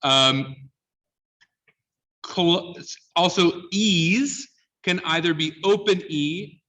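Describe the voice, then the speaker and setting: A man's voice: fairly high pitch, slow, bright, forceful tone. A man coaching a class on sung diction, explaining points and quizzing the students, often checking in with "yeah?". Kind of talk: teaching a class. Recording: distant, dull lo-fi sound.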